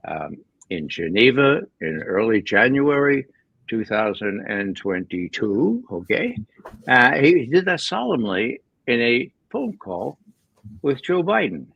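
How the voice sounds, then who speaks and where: An older man giving political commentary as a guest, animated with laughing asides and frequent restarts, heard over a dull lo-fi line. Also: mid-range voice, vocal fry, breathy edge, dry recording. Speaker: guest analyst. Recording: dull lo-fi remote audio.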